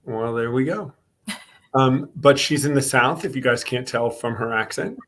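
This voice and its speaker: A man's voice: mid-range voice, moderate pace, a bit bright. A man with a Northeastern American accent hosting a casual online show, chatting easily and greeting viewers by name. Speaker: host.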